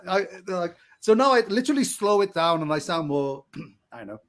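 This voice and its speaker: A man with a Barnsley accent from Yorkshire, co-hosting a podcast in casual chat, telling animated stories with frequent laughs and stumbles. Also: high-pitched, fairly quick. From England. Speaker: podcast co-host.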